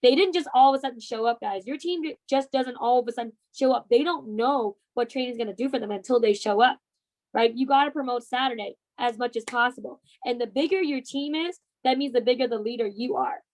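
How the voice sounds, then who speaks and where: A woman's voice: on the high side, fairly quick, darkish tone, poor audio. A woman in her twenties leading a motivational team training talk, emphatic and coaxing, often checking in with "right?". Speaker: team leader and sales trainer.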